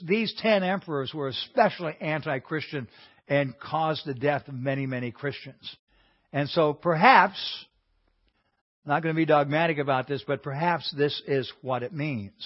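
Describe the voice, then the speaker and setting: An earnest man leads a Bible class, talking through the lesson in a conversational way. His voice sits a little higher than most men's, and he often stumbles over repeated words before going on. The recording is dull and lo-fi, with little clarity in the highs. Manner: earnest, conversational teaching with frequent restarts.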